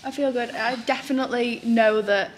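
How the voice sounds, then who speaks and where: A young woman speaks in a slightly high voice, hesitant and nervous, sniffling from the cold as she rides. She films herself outdoors on a handheld camera, with clear wind noise around her. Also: fairly even intonation, normal speed. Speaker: friend riding a horse for a vlog. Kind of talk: casual chat. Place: outdoors on horseback in a windy field. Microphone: handheld camera while riding.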